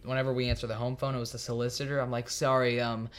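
A man's voice: medium pitch, little pitch movement, very fast. A teenage boy, a podcast guest, telling a story casually and acting out the voices. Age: teens.

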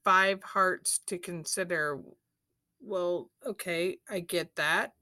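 A woman's voice: on the low side, takes it slowly, pushed and bright. A woman co-hosting a podcast, talking bluntly and emphatically in a casual reality-TV recap chat, swearing freely. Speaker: podcast co-host.

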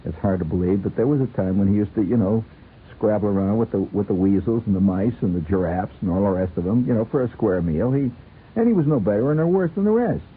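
A man's voice: fairly low pitch, animated, quick pace, breathy edge, narrow, tinny audio. A man hosting a radio show, chatting playfully and rambling, often chuckling as he goes. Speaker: radio host. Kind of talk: late-night radio chat.

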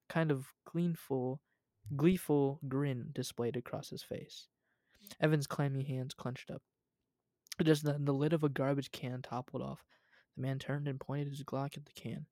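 A young man hosting a show, chatting casually and reading a childhood story aloud in a relaxed way. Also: mid-range voice, a little slow, dry recording, studio quality. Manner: relaxed, laughs at his own reading.

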